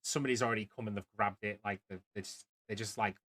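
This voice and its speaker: A man's voice: lowish voice, steady tone, fast, a bit bright. A man from the UK narrating a tabletop game as game master, rambling with many fillers and restarts.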